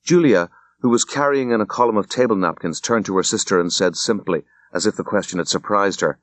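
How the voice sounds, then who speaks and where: A man reading a classic story aloud as an audiobook, in an unhurried, measured narration. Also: on the low side, dry recording. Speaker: audiobook reader. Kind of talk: scripted narration.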